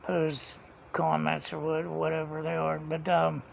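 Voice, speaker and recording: A man's voice: fairly high pitch, monotone, a little slow, gravelly. A man, telling a rambling story in a casual vlog, chuckling often and retelling conversations. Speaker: vlogger. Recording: dull lo-fi sound, faint background hiss.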